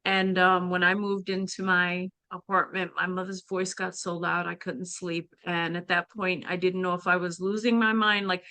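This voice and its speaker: A woman guest on a podcast telling a personal spiritual story in an earnest, halting way. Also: on the low side, flat delivery, pushed and bright, no room sound.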